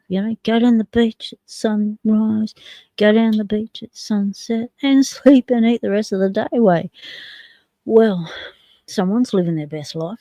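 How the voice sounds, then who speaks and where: A woman's voice: a little high, dark tone, dry recording. A woman with an Australian accent, hosting a casual livestream chat in a rambling, jokey way. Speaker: livestream host.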